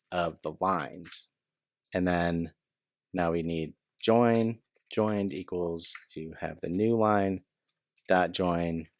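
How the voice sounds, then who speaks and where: A man teaching programming in a casual coding walkthrough, relaxed, chuckling often and correcting himself as he types. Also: low voice, no echo, clean studio sound. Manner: relaxed, chuckles, self-correcting while typing. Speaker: programming instructor.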